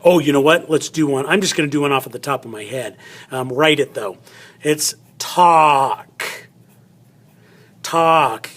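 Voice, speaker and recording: A man's voice: medium pitch, steady tone, fast, a bit bright, breathy edge. A middle-aged male teacher giving a chatty phonics lesson, thinking aloud as he cuts paper and writes. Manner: chatty, thinks aloud while cutting and writing.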